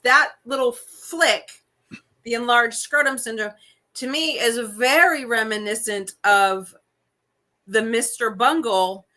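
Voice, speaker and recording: A woman co-hosts a movie podcast in an easy, rambling chat full of fillers. Her voice is fairly high and strikingly bright. She talks in an animated way. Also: slow. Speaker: podcast co-host.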